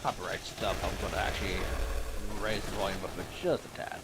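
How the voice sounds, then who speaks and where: A man streaming a video game, chatting casually and self-mockingly in quiet asides. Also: sits low, fairly quick, very noisy. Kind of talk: casual let's-play commentary.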